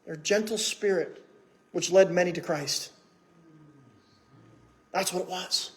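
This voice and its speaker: A man's voice: high voice, slow pace. A man preaching a sermon in church, conversational, with many rhetorical questions. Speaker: pastor.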